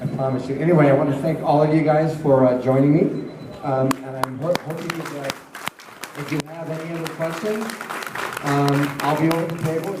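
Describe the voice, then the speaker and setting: A man's voice: a little high, fairly even intonation, a little fast, a crowd in the background, background noise. Man laughing through stories in an echoey hall. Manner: chatty, laughing storyteller. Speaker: convention panel guest. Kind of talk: convention Q&A storytelling. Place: convention panel room. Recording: roomy hall picked up from a distance.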